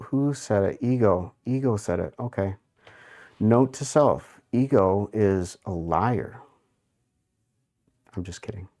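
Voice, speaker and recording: A man's voice: lowish voice, warm tone. A man hosting a casual livestream, reading viewers' chat aloud and muttering to himself while he browses. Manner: unhurried, muttering while browsing, amused asides. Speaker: livestream host.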